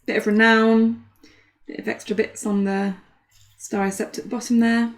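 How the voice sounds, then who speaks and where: A woman's voice: a little high, normal speed. A British woman co-commentating a card game match in casual chat, teasing and laughing often. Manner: giggly, teasing, animated.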